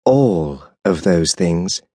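A man voicing a second male angel in an audiobook, explaining things slowly and gently. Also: low voice, animated, breathy edge, no room sound, studio quality, pitched below the performer's own voice, exaggerated voice. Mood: calm. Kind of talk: audiobook character voice.

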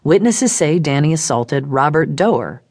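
A woman reading a calm, even-tempered lawman. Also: low-pitched, unhurried, husky, full character voice. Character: calm steady man, lawman.

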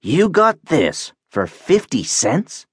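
A male narrator playing a gruff, impatient ship captain who speaks bluntly and gives orders. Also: fairly high pitch, wildly swooping pitch, slow pace, dry recording, clean studio sound, pitched above the performer's own voice, full character voice. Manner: blunt, commanding.

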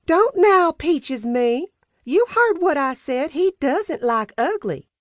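A woman voicing a fussy, sharp-tongued older housekeeper who scolds in a high, shrill voice. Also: very animated, takes it slowly, no echo, clean studio sound, full character voice. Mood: scolding.

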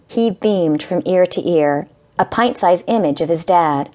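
A woman narrating a romance audiobook in a gentle, measured storytelling manner. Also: on the low side. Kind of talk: scripted narration.

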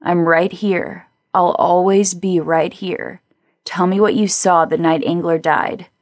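A woman narrator voicing a calm, steady woman who soothes her partner in a soft, low voice. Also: takes it slowly, no room sound, clean studio sound. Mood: soothing.

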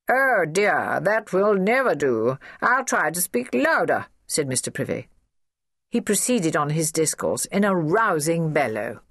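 A woman narrating a children's book with an expressive, storytelling delivery. Her voice sits fairly low but moves a great deal in pitch, and the studio sound is dry and close. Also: no echo. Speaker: audiobook narrator. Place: recording studio.

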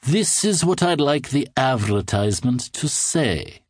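A man voicing an odd, smug little man in a children's audiobook, speaking with slow, silky, unsettling politeness. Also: medium pitch, expressive, no echo, voice pushed up. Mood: smug, creepy.

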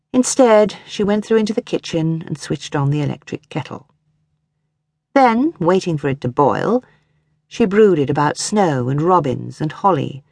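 A woman audiobook narrator reads a short story aloud in an expressive, storytelling style. Her voice is low, and the scripted narration has a dry, clean studio sound.

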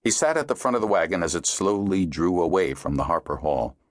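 A man narrating an audiobook in a measured storytelling manner. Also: deep voice, animated, no echo, clean studio sound. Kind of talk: scripted narration.

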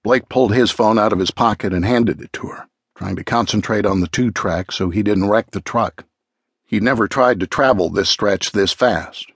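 A male narrator tells a disaster story in a measured, dramatic way. His voice is on the low side, with a husky edge. He is heard on a close, dry studio mic. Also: a bit bright, no room sound. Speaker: audiobook narrator. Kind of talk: scripted narration.

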